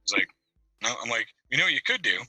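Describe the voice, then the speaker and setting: A man on a video call telling a profane, animated story with bursts of laughter. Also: mid-range voice, fast talker, husky, dry recording, poor audio. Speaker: caller on a video call-in panel. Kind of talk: casual storytelling.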